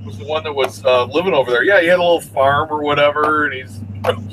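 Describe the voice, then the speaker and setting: Bright-toned man telling chatty stories. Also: on the high side, fast, a little hiss or hum, rough recording. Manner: storytelling, chatty history tangents. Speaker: co-host. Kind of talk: casual chat.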